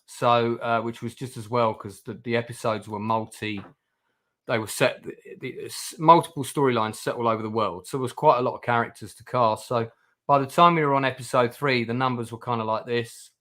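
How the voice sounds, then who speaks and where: A man's voice: medium pitch, fairly even intonation, brisk, fairly bright tone. A man hosting a livestream, chatting casually with guests, with lots of fillers and restarts. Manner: rambling, many fillers and restarts. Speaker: channel host.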